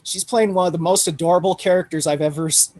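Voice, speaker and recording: A man from Ireland talks as a podcast guest, his voice sitting a touch high. He is easygoing and laughs often. The sound is dry and close. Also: steady tone, quick pace, a little mellow, no room sound. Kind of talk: casual chat.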